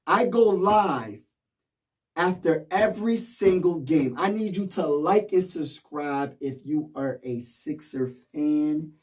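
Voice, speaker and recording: A man's voice: fairly high pitch, slow, hardly any pauses, darkish tone, distant mic. A man vlogging as a sports fan, rallying viewers with slangy, repetitive hype. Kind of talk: hyped fan commentary.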